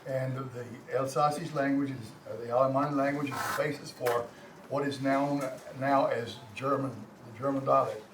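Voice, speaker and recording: A man's voice: mid-range voice, steady tone. Older Texan man lecturing in a roomy hall. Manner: halting, repeats words, folksy asides to the class. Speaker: language class teacher. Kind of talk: classroom lecture with slides. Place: community classroom. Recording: roomy, distant mic, faint hum.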